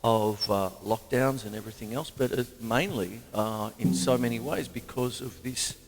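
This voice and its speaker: A man with an Australian accent hosting a drum show livestream in casual chat, animated and jokey, breaking into exclamations. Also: mid-range voice, moderate pace, over loud music.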